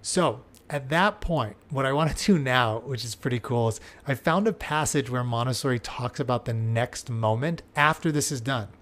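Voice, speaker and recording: A man's voice: mid-range voice, normal speed, hardly any pauses, a bit bright. A man hosting an education podcast, explaining a teaching method in an enthusiastic, chatty way. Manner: enthusiastic, chatty, with frequent "like" and "you know". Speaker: podcast host. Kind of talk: casual educational podcast talk.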